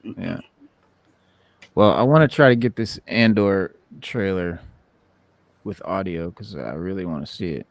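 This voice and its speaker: A man hosting a podcast in excitable, casual chat with frequent stumbling restarts. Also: sits low, a little slow, long pauses, dry recording. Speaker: podcast host.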